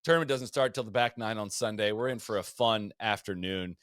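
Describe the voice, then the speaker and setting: A man co-hosting a podcast, telling golf history in a loose, animated way, full of fillers and restarts. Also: lowish voice, fairly quick, smooth, no room sound, clean studio sound. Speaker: podcast co-host. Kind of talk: casual golf history chat.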